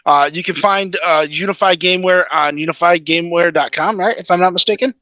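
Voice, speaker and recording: A man's voice: sits high, brisk, bright, forceful tone, dry recording, muffled recording. A man hosting a casual interview, mostly giving brief reactions and closing the talk. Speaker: podcast host.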